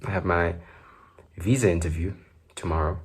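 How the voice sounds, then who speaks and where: A man's voice: low voice, steady tone, moderate pace, breathy edge. A South African man with a South African accent, hosting his podcast in loose, joking solo chat full of fillers. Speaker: podcast host.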